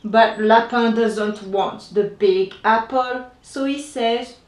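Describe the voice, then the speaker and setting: A woman with a high voice reads a children's storybook aloud at a very unhurried pace, lingering over each word. She reads expressively and voices the sounds in the story. The recording is roomy and the mic sits some distance away. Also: slight background noise. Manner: slow, expressive, sound-effect voicing. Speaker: author reading her picture book.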